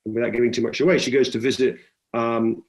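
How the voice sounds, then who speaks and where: A man's voice: mid-range voice, flat delivery, fast. A middle-aged man, a film director, telling stories in a chatty interview with many restarts. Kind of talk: conversational interview.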